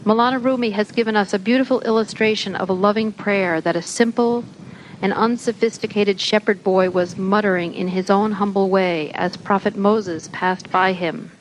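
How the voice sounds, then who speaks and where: A woman reading a spiritual text aloud at a gathering, slow and deliberate, now and then stumbling and correcting a word. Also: medium pitch, fairly even intonation, a little hiss or hum, rough recording. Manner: slow, deliberate, occasional slips on words.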